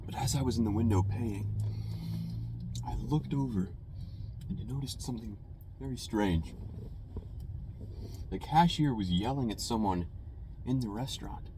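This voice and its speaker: Low-voiced young man telling a rambling story. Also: measured pace, long pauses, noisy background. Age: young adult. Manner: rambling, conversational, full of "you know" and "man". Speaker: food reviewer telling a story. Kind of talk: casual storytelling.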